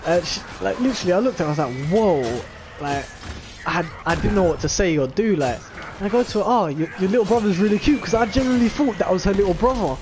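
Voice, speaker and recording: A man's voice: high-pitched, lively intonation, quick pace, noisy background. A man, chatting casually and telling a long story full of swearing and filler words. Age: 20s. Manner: rambling and profane, full of filler "like". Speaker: vlogger.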